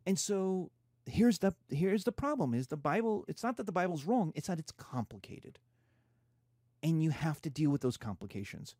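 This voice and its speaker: A man's voice: a little high, sing-song, normal speed, darkish tone, no echo, clean studio sound. A man giving a casual, irreverent history lecture, acting out quotes in slangy voices.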